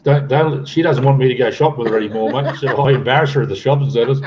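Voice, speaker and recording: Older aussie man, joking blokey banter, mellow tone; warm voice on a guest spot. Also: medium pitch, quick pace. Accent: Australian. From Australia. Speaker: guest on a livestream. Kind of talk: casual chat. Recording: dull lo-fi with faint noise.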